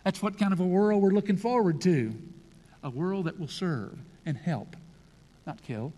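A man preaching an emphatic, animated sermon and acting out scripture scenes. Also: high-pitched, normal speed. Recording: long hall reverb.

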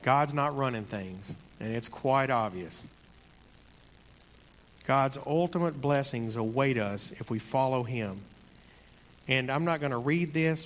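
A man's voice: mid-range voice, slight background noise. Earnest man preaching in a big hall. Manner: earnest, conversational, slows for emphasis. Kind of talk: sermon.

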